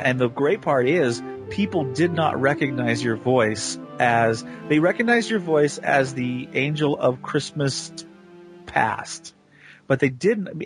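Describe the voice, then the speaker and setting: A man's voice: mid-range voice, breathy edge. A man hosting a podcast, chatting enthusiastically and rambling, laughing often. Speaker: podcast host. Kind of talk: casual chat.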